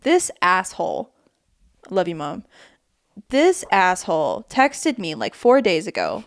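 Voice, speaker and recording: A young woman in her twenties co-hosting a podcast, telling animated stories with lots of swearing. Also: fairly low pitch, takes it slowly, gravelly. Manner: animated storytelling, swears freely, acts out quotes. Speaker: podcast co-host. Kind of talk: casual chat.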